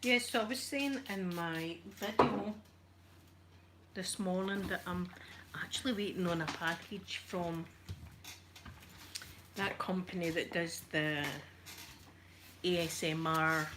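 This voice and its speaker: A Scottish woman who makes ASMR videos for YouTube chats softly at home while ironing, rambling along and poking fun at herself. Her voice is lowish, and the recording is noisy.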